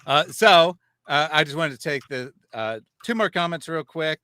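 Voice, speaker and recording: A man's voice: a little high, expressive, normal speed, sharp tone, clean tone, no echo. A man hosting a live discussion, speaking with frequent restarts and reading viewer comments aloud. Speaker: host.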